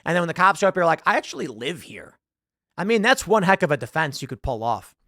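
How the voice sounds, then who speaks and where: A man's voice: a little high, quick pace, no echo, studio quality. A man hosting a political commentary show, telling anecdotes casually and acting out the people he quotes. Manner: animated storytelling, acts out quoted voices.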